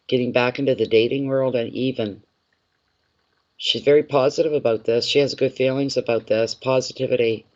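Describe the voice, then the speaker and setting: A man's voice: medium pitch, steady tone, moderate pace, a little mellow, dull audio. A man reading tarot live for viewers, addressing each one by name and often repeating his phrases. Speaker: tarot reader.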